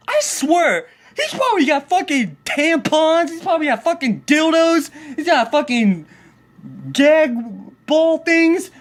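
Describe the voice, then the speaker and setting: A man's voice: very high voice, very animated, slow pace. A man hosting his own video channel, delivering an angry, crude, swear-filled rant about a neighbor. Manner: crude, heated, swearing constantly.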